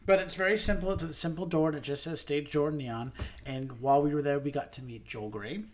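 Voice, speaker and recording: A young adult man co-hosting a podcast in casual chat, chatty and fond of puns, getting animated when he gushes. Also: fairly high pitch, a little fast. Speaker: podcast co-host.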